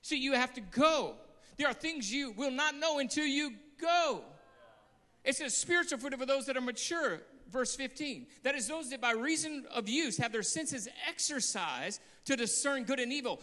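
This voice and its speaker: Guy pastor preaching hard, sharp bright voice, long church echo. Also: very high-pitched, lively intonation, normal speed. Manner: passionate, bursts into shouts, storytelling with repeated phrases. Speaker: guest pastor. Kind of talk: preaching a sermon.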